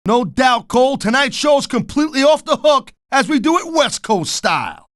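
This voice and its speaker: A man's voice: extremely high pitch, very animated, moderate pace, few pauses, fairly bright tone, no echo, studio quality. A middle-aged man doing color commentary for a wrestling video game, blunt and wisecracking with tough-guy slang.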